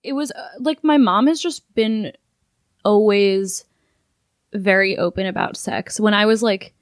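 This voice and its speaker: A woman's voice: medium pitch, unhurried, no room sound, clean studio sound. Chatty young woman, lots of likes. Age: young adult. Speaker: podcast guest, intern. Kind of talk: casual interview chat.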